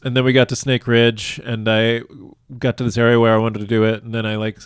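A man's voice: medium pitch, flat delivery, brisk, smooth, dry recording. Guy rambling thru a funny personal story, laughs a lot, super dry close mic. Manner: rambling, self-deprecating, laughs often. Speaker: guest telling his proposal story. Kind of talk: casual storytelling interview. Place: lives in a large US city.

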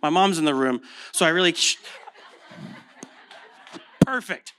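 A man in his thirties with an American accent preaches a casual sermon, telling stories and posing rhetorical questions in a conversational way. He's a pastor whose voice is fairly high, fast, bright and forceful, with a little hiss or hum in the audio.

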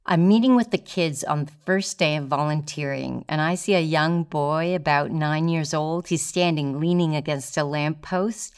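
A woman performing a first-person true story, speaking in a measured, deliberate way with weighty pauses. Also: sits low, clear, resonant tone. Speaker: solo performer telling her own story.

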